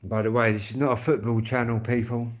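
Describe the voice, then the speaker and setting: A man's voice: mid-range voice, level tone, fast. A man with a Kent accent hosting his own music channel, chatting casually and rambling on a live stream, swearing freely as he goes. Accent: Kent English.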